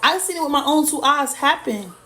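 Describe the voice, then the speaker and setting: Woman vlogger, heated and indignant storytime, higher voice, echoey room. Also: expressive, a little fast, sharp tone. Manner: heated, indignant retelling with lots of direct address. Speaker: vlogger and parent. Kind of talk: casual storytime vlog.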